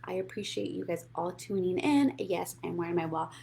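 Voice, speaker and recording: A woman's voice: fairly low pitch, expressive, moderate pace, creaky, dark tone. A woman hosting a casual live money show, bubbly and greeting viewers by name. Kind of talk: casual live-stream chat.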